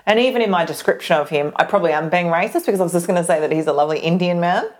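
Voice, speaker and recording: A woman's voice: on the low side, very fast. A woman with an Australian accent, co-hosting a podcast in casual chat and telling stories with lots of laughter. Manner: animated storytelling, laughs often. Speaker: podcast co-host.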